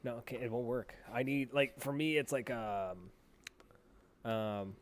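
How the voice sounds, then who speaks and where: A man's voice: medium pitch, unhurried, slight background noise. Male co-host, casual and blunt, rambling delivery, everyday mid voice. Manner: rambling, blunt, swears freely. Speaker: podcast co-host. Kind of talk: casual chat.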